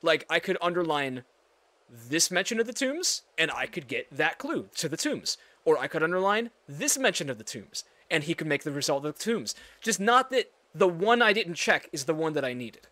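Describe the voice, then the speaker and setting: A young man hosting a let's play, chatting excitably and swearing casually as he plays. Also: fairly high pitch, moderate pace, no echo. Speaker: gaming video host.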